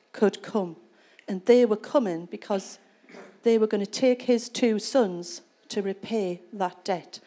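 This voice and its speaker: A woman's voice: medium pitch, dark tone. A woman preaching a sermon in church, retelling a scripture passage and explaining it in a conversational way. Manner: conversational storytelling, reads scripture then explains it.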